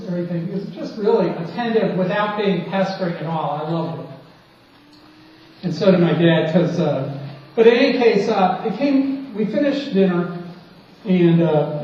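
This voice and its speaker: A man's voice: high voice, normal speed, darkish tone, highs cut off. A man from St. Louis, a college marketing lecturer, telling a rambling, conversational anecdote in class, recorded from a distance in a large lecture hall. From St. Louis, United States. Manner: rambling, conversational, restarts words. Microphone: distant room mic.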